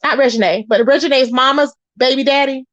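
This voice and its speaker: A woman hosting a casual gossip commentary show, chatty and animated, answering her live chat. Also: high voice, normal speed, no echo, muffled recording. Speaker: commentary channel host.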